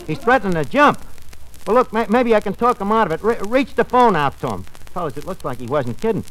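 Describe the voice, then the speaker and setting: Wisecracking New radio comic. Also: male voice, high voice, big pitch swings, a bit bright. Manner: fast-talking wisecracker mangling big words. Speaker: tavern manager and host of a radio comedy. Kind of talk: 1940s radio comedy acting. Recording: noisy old radio broadcast.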